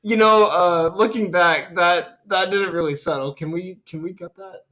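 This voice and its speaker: A young man with a slightly raised pitch casually retells a film's plot for his podcast co-hosts. He rambles, jokes and slips into quick snatches of the characters' lines as he goes. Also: fairly even intonation, sharp tone. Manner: rambling, jokey storytelling with quick character quotes. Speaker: podcast co-host. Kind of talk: casual chat recapping a film.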